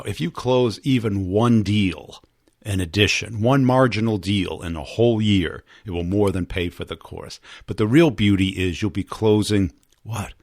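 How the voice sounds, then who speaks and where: Male podcast host, low voice, animated storyteller who acts out quotes, dry close recording. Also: no room sound. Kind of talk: podcast storytelling and sales pitch.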